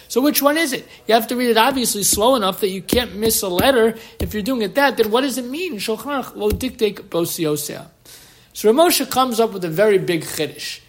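Animated man teaching Jewish law. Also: high-pitched. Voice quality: slurs his L sounds. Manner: animated, quick, asks and answers his own questions. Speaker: Torah teacher. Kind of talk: explaining Jewish law in a class.

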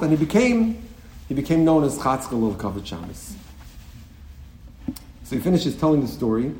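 A man tells a Hasidic tale as a sermon, his mid-pitched voice swelling from calm narration into emphatic bursts. The room gives his voice a noticeable echo. A faint hum of ambience sits underneath. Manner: animated storytelling, rising to emphatic bursts. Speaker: religious storyteller.

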